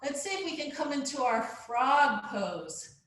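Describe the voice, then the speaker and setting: In a very echoey room, a woman teaches a children's yoga class over a live virtual session, keeping things playful and encouraging with animal sounds. She speaks at a measured pace in a high, animated voice with a fairly bright tone.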